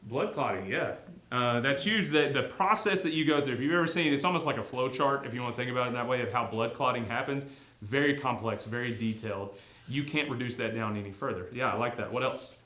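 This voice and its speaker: A man's voice: medium pitch, fast, fairly bright tone. Man teaching a class in an echoey room. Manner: conversational, asks the class questions, many fillers. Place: classroom or church hall.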